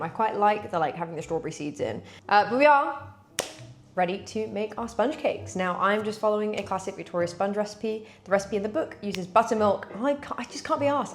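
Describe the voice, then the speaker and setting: A woman chatting casually to viewers as she bakes in a cooking vlog. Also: mid-range voice. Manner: chatty, talks to viewers while working. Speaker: cooking vlogger.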